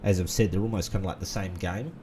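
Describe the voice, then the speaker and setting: A man's voice: deep voice, steady tone, fast, dark tone, slight background noise. A man, rambling in casual gaming commentary full of fillers and restarts. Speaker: gaming channel host. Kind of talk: casual let's-play commentary.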